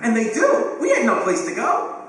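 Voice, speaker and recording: A man in his fifties, a rabbi lecturing parents, animated and joking, with quick asides, recorded from a distance in a large hall. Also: very high-pitched. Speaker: rabbi and speaker on education. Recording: echoey hall, distant mic, faint hum.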